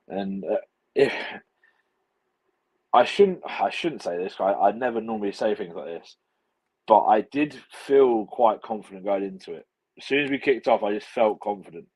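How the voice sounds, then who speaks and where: A man's voice: lowish voice, a little mellow, breathy edge, rough recording. A man co-hosting a podcast, talking in a wry, self-deprecating way. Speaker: podcast co-host. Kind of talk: casual chat.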